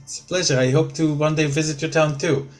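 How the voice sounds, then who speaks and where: A man's voice: fairly high pitch, steady tone, close to an everyday voice. A man voicing a sweet, dreamy young woman who is soon to be queen, who talks in a gushing, hesitant way. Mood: hopeful. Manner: gushing, hesitant, with many halting restarts.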